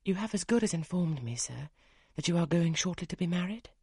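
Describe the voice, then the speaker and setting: Guy reading a polite, reserved young governess, husky voice, dry close sound. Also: fairly high pitch, animated, no room sound, pitched above the performer's own voice. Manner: polite, measured, soft-spoken. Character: young woman governess, reserved, quietly firm. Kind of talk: audiobook character reading.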